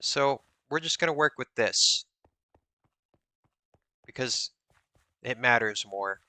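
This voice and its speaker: A man streams himself building in a game, muttering block counts and reading chat aloud. His voice is very bright and sits dry and close on the mic. He teases viewers with playful mock suspicion. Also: mid-range voice, animated, takes it slowly, no room sound. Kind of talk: casual live-stream chat while playing.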